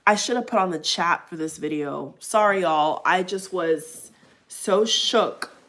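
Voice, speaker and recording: A woman's voice: on the low side, a little slow, a bit bright. A woman vlogger giving opinionated commentary to camera, emphatic, repeating her phrases and speaking straight to her viewers.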